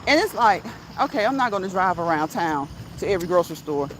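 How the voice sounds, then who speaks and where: A woman's voice: fairly low pitch, expressive, fast, slight background noise, rough recording. A woman, chatting casually on a livestream, reading viewer comments, laughing often and repeating phrases for emphasis. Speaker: host. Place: outdoors while walking.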